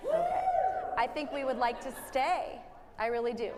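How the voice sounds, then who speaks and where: A woman's voice: fairly high pitch, very noisy. Woman choir director in a reverberant hall. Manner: joking, brisk, demonstrates sung phrases. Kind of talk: choir rehearsal coaching. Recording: long hall reverb with faint music.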